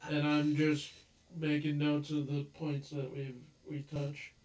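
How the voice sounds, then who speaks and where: Slow, flat-voiced man, echoey room. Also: a little high, muffled recording. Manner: unhurried, flat, adds details and corrections. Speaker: podcast co-host. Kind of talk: casual chat. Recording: echoey room, distant mic.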